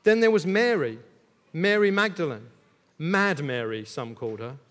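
A man's voice: on the high side, expressive, moderate pace, fairly bright tone. A man, telling a Bible story in first person as a disciple, chatty and jokey with lots of asides. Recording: long echo of a large hall.

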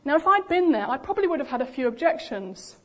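A young woman preaching a sermon in a lively, animated way, acting out the voices she quotes. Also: high-pitched, fast. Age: young adult.

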